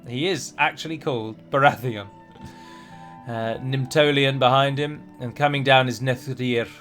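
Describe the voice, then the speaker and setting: A man's voice: medium pitch, steady tone, unhurried, a bit bright, faint music behind. A man giving casual gameplay commentary, rambling and self-deprecating with chatty asides.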